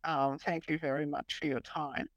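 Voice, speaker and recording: A woman's voice: low-pitched, level tone, normal speed, dry recording. A woman guest on a podcast interview, speaking bluntly and matter-of-factly and laughing at herself. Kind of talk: casual interview chat.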